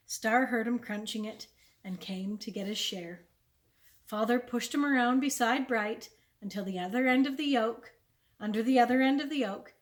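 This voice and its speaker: A woman, a children's librarian, reading a chapter book aloud with clear, expressive storytelling. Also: a little high.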